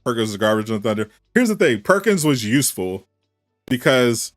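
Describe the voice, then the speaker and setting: Male streamer, casual reaction chat, incredulous and animated, mid-range voice, dry recording. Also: mid-range voice, moderate pace, no room sound, soft background music. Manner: animated, incredulous rhetorical questions, frequent laughs.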